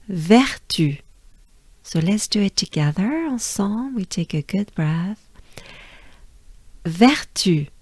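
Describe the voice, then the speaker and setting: A woman's voice: fairly low pitch, darkish tone, no room sound. A woman from France with a French accent, teaching pronunciation patiently and drilling sounds, her voice a little strained. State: losing her voice. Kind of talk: slow pronunciation lesson with repetition.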